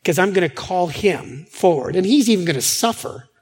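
A man's voice: sits high, lively intonation, moderate pace, slightly rough. A pastor voicing Jesus as a stern male voice in a sermon retelling, pressing with repeated questions. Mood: reassuring. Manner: urgent, repeated pleading questions.

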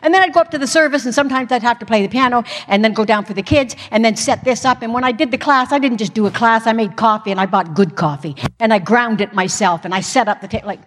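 A woman's voice: fairly high pitch, fast, hardly any pauses. Middle-aged woman sharing a self-mocking testimony, hall echo. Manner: candid, self-mocking, animated storyteller. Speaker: pastor's wife speaking to a congregation. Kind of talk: personal testimony talk. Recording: long hall reverb.

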